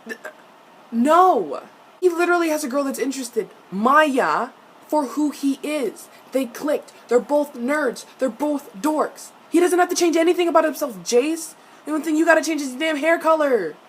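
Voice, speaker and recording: A young woman reacting to a TV episode in a casual vlog, animated and profane, with frequent laughs. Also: high-pitched, normal speed, slight background noise. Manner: laughs often between lines.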